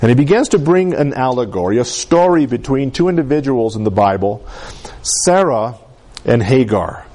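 A man preaching a sermon in an animated way, acting out the voices of the people he quotes. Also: mid-range voice, normal speed.

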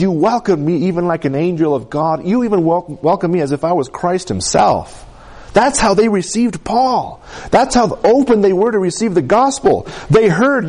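A man with a fairly high voice preaches a sermon. His pitch swings widely as he acts out the people he quotes, rising and falling with each line. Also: a little mellow.

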